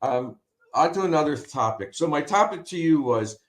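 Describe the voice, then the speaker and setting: Blunt, lively higher-voiced man. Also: normal speed. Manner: blunt, opinionated, animated. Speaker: podcast co-host, analyst. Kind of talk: casual sports chat.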